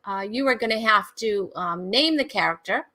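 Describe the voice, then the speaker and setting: Bright bubbly woman host. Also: medium pitch, expressive, moderate pace. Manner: bubbly, laughing, chatty. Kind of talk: casual chat on a live video show. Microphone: video call.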